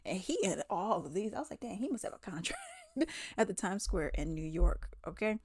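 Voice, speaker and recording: A woman's voice: mid-range voice, sing-song, normal speed, a little mellow, breathy edge, no echo. A woman in a casual, chatty commentary vlog, talking in slangy asides. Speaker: commentary vlogger. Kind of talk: casual chat.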